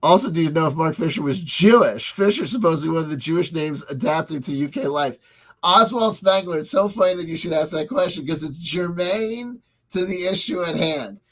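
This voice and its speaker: A man's voice: a little high, fairly quick, fairly bright tone, low-quality recording. A man hosting a livestream, giving meandering commentary and answering chat, often restarting and repeating his words. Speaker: channel host reading live chat.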